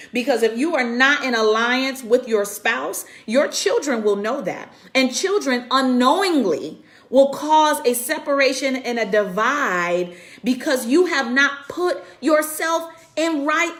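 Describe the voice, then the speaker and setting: A woman with a fairly high voice hosts a faith talk streamed live from her computer. She speaks in an earnest, preacherly way and greets her viewers by name. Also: expressive, a little slow, fairly bright tone. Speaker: women's conference host and speaker. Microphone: computer camera mic.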